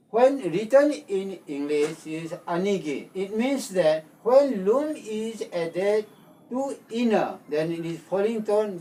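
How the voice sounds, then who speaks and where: A man's voice: high voice, warm tone. A man, a Meitei speaker, giving a methodical language lesson and repeating each point. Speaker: language teacher and channel host. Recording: voice distant from the mic.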